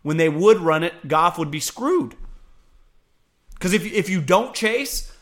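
A man in his thirties from Northern California, a former pro defensive lineman hosting casual sports talk, animated and blunt with frequent swearing. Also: sits high, slow pace.

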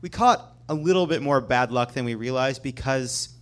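A man hosting a comedy show, making an argumentative point that builds quickly. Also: mid-range voice. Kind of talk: comic commentary.

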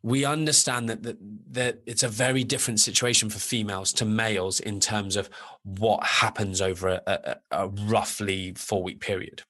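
A man talking as a guest on a podcast, animated and rambling, full of restarts and sudden jumps in pitch. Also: normal speed. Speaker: nutritionist guest. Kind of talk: casual podcast chat.

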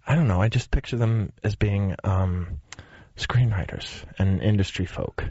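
A man's voice: lowish voice, measured pace, darkish tone, breathy edge, dry recording, dull audio. A man with a Boston accent, a comedian guest answering easygoing and laughing often. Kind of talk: casual interview chat.

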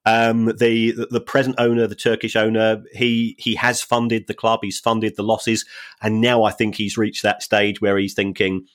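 A male football finance expert co-hosts a podcast in a dry, chatty way. He often stumbles and repeats words as he works through his points, and his voice sits slightly low. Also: completely flat delivery, normal speed, a bit bright. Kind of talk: casual chat.

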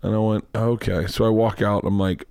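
A man hosting a podcast, telling a story in casual chat, profane and animated, acting out the people in it. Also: lowish voice, fairly quick, clean tone, no room sound, studio quality. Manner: profane, animated storyteller who acts out voices. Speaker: podcast host.

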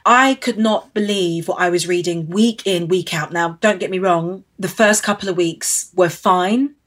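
A woman's voice: lowish voice, normal speed, a bit bright. A woman in her thirties from Britain, speaking as an interview guest, earnest and emotional, repeating phrases for emphasis. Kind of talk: candid interview.

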